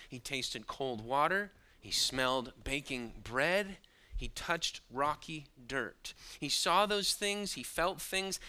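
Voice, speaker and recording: Bright-voiced man preaching a sermon. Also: on the high side, clear, resonant tone. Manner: earnest teaching, retelling scripture scenes. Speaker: pastor. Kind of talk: expository sermon.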